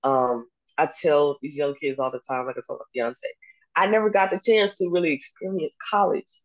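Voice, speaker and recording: A young adult woman, a basketball coach, telling her story in a casual interview and acting out the dialogue with lively laughs. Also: deep voice, normal speed, low-quality recording. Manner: animated, acts out dialogue, laughs often. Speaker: basketball coach and podcast guest.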